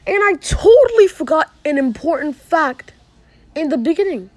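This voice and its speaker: A woman's voice: high-pitched, sing-song, moderate pace, poor audio. A woman casually retelling a made-up fantasy story, rambling with many fillers, restarts and asides.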